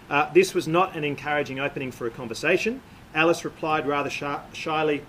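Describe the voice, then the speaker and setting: Man, sermon, slightly high voice, measured and explanatory, fillers, faint background noise. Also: fairly bright tone, rough recording. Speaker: preacher.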